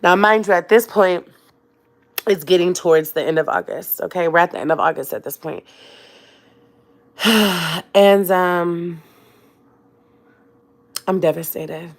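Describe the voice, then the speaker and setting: Young woman, lowish voice, slightly under the weather; casual, dramatic storytime talk straight to her viewers. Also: unhurried, pauses often. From Fresno, California. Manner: chatty, dramatic, addresses viewers directly. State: has a cold. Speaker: vlogger.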